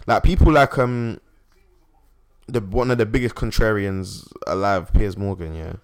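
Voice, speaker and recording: A young man chatting casually, animated and swearing freely. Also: lowish voice, a little slow, clean tone. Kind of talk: casual podcast chat.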